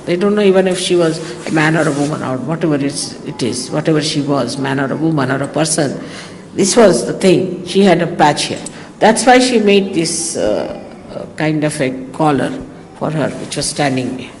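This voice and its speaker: A woman's voice: deep voice, expressive, normal speed, a little mellow. A woman with an Indian English accent giving an informal spiritual talk, telling anecdotes in a chatty, teasing way. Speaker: spiritual teacher. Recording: echoey hall, faint hiss, 1980s archive recording.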